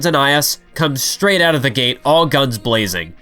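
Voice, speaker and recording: A man's voice: medium pitch, big pitch swings, moderate pace, few pauses, sharp tone, faint music behind. A young man reading a scripted video review voice-over, analytical and now and then enthusiastic.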